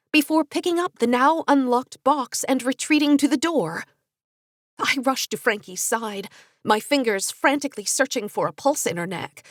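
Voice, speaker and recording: Lively woman audiobook narrator. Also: sits high, no room sound, studio quality. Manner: expressive, lively character voicing. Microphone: studio USB microphone.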